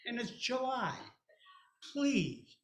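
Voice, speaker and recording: A man's voice: very high-pitched, sing-song, drawn-out words, pitched above the performer's own voice, heavily acted. Old guy doing a whiny pleading big brother, echoey room.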